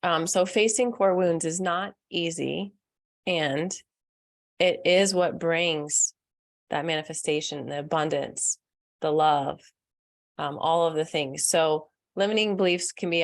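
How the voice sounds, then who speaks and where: Young female spiritual coach, live-stream host; low register with vocal fry, soft, earnest, laughs easily. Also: a little slow. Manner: soft, earnest, laughs often, answers chat comments. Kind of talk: casual live-stream talk.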